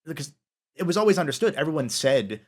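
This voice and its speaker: A man's voice: fairly high pitch, very animated, fast, darkish tone. A man hosting a casual interview, talking at length with many fillers and restarts. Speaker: interviewer, podcast host.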